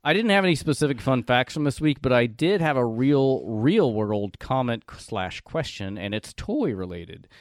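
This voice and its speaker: Podcast host, male, smooth clear voice, dry close mic, animated delivery. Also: mid-range voice, moderate pace, hardly any pauses, no room sound. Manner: animated, laughs often, reads segments. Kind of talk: casual podcast chat.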